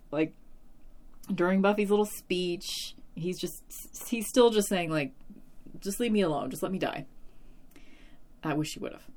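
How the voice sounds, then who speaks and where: A woman with a low voice gives a casual, opinionated episode recap. Her talk is full of fillers, with the odd curse and laugh mixed in. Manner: opinionated, animated, swears and laughs, many fillers. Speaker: TV episode reviewer.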